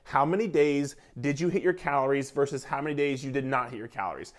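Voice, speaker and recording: A man's voice: mid-range voice, fast. A man coaching viewers on weight loss in an emphatic, repetitive pep-talk style, casual and sometimes swearing. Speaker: fitness coach. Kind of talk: motivational talk to camera.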